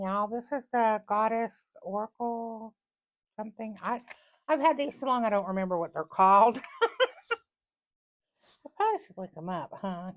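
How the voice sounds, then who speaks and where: A woman giving a casual tarot reading to her viewers, chatty and folksy, thinking aloud as she lays out cards. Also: mid-range voice. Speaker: tarot reader.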